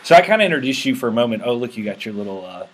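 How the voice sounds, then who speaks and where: A man's voice: medium pitch, big pitch swings, rapid-fire, slight background noise. A man hosting a casual tech show, rambling with lots of fillers and restarts. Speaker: host. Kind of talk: casual screen-recorded tech chat.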